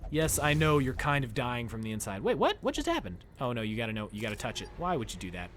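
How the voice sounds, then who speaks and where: A man streaming a video game, talking casually with his viewers in a loud, jokey, excitable way. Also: medium pitch, fast talker, slight background noise. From United States. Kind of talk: casual live-stream commentary. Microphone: desk microphone.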